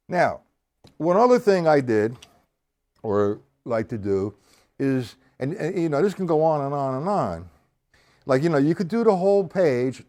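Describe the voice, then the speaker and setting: A man's voice: on the high side, a little mellow. Man teaching drums on a live stream. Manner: counts and calls sticking aloud, explaining step by step. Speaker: drum teacher. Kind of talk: live-streamed drum lesson. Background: drum kit playing.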